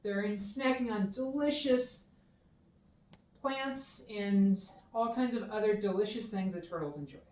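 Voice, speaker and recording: A woman minister giving a children's dharma talk, telling a story in a warm, expressive way. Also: mid-range voice, a little slow. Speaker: temple minister. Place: temple hall. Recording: echoey hall, mic far off.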